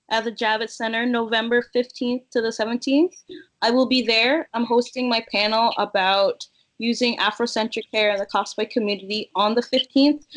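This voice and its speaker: A talkative woman speaks in a casual interview, her voice sitting a touch high. She jokes freely and laughs often as she chats. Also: a bit bright, low-quality recording. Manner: laughs often, chatty and joking. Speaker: cosplayer guest.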